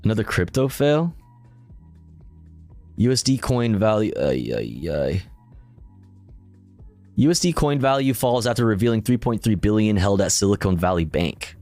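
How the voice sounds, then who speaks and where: A man's voice: on the low side, big pitch swings, normal speed, pauses often, darkish tone, soft background music. A male streamer casually reading news articles aloud and commenting, profane and self-deprecating, often stumbling over his words.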